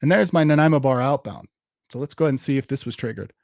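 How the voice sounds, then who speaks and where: A man giving a casual live software demo at a tech meetup, thinking aloud as he types commands. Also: medium pitch, expressive, quick pace, gravelly, dry recording, studio quality.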